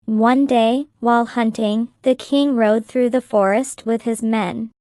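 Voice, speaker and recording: Slow, clear woman reading a story. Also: a little high, fairly even intonation, dark tone, dry recording, studio quality. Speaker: narrator. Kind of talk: slow graded-reader story narration.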